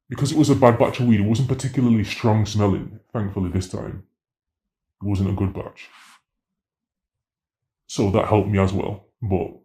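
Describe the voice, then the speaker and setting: Low, mellow man telling stories. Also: roomy sound. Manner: slangy, animated storyteller acting out dialogue. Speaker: interviewee, former drug dealer. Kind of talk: storytelling interview.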